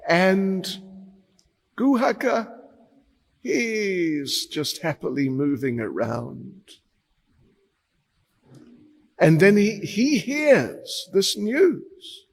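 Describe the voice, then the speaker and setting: Monk telling a devotional story, really slow, husky gravelly voice, echoey hall. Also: male voice, on the high side, big pitch swings. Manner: slow, dramatic, voices each character. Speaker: monk and preacher.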